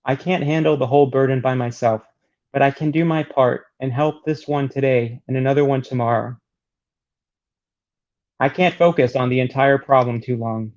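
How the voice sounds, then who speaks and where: A man reading the lines of an earnest male slave rescuer, steady and resolute. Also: medium pitch, normal speed, close to an everyday voice. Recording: dull lo-fi recording.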